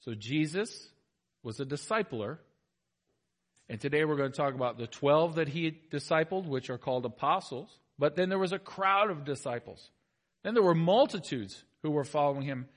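A male pastor preaching a sermon to his congregation, animated, moving between soft asides and loud, emphatic exhortation. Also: fairly high pitch, normal speed. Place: church sanctuary.

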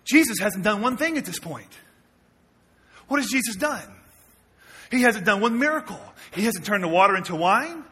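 A man, preaching a sermon to his church, moving between quiet low asides and loud emphatic questions. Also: big pitch swings, normal speed, pauses often, husky. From Mississippi, US. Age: 40s. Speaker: pastor. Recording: long reverb of a large hall.

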